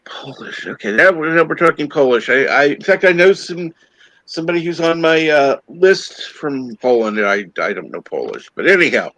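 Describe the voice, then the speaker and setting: A man's voice: a little high, very animated, normal speed, a bit bright, rough recording. A man hosting a casual group livestream chat, hesitant and flustered, with many fillers. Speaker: livestream host.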